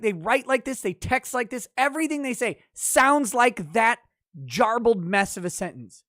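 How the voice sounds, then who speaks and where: A man's voice: very high-pitched, expressive, normal speed, fairly bright tone, no echo, studio quality. A man hosting a casual livestream, reading chat messages and mocking an article with sardonic, profane commentary. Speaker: livestream host.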